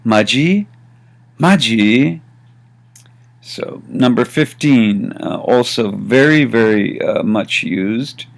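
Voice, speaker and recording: A man with a low, gravelly voice, speaking slowly as he teaches everyday phrases. He acts out each phrase, moving between flat statements and raised questions. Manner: slow and deliberate, demonstrating phrases with varied intonation. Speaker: language teacher. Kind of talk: casual spoken lesson.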